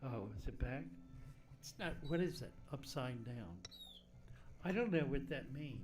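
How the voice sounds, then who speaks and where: A man streams casually about fishkeeping from his home, where fish tanks fill the room, replying to viewer questions and thinking aloud while adjusting his desk microphone. He has an expressive medium-pitched voice and a moderate pace.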